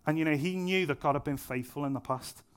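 Conversational young preacher, slightly high. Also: male voice, fast, clear, resonant tone. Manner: conversational, self-deprecating humour, emphatic repetition. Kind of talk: sermon. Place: church venue.

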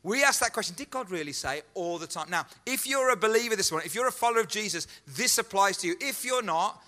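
A man delivers an earnest sermon, pressing his point with repeated lines and rhetorical questions. His voice sits high and sounds bright and forceful. It rings with the long echo of a church hall. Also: lively intonation, quick pace. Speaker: pastor. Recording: echoey hall.

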